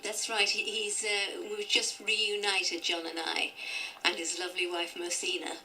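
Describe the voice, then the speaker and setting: A woman in her sixties, a drama teacher, talking warmly and fondly as a guest in a radio studio interview. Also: fairly low pitch, monotone, normal speed, creaky, far from the mic, slight background noise, poor audio. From Britain. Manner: warm, fond and encouraging, with gentle restarts.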